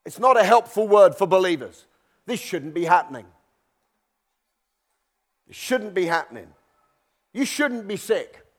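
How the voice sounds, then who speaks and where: High-voiced preacher, chatty sermon. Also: male voice, expressive, unhurried, pauses often. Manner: conversational, acts out worried believers' voices. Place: church.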